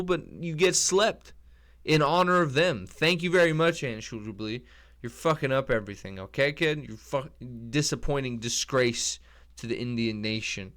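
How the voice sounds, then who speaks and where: Young man, smooth clear voice, mid-pitched, profane incredulous rambling vlog rant. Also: expressive, moderate pace, a bit bright. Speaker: MMA tier list vlogger. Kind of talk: casual ranting commentary.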